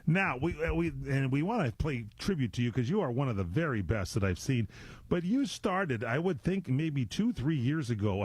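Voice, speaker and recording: A man's voice: medium pitch, a little mellow, no echo. A man hosting a local radio interview, talking in a chatty, rambling way with lots of restarts. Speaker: radio show host.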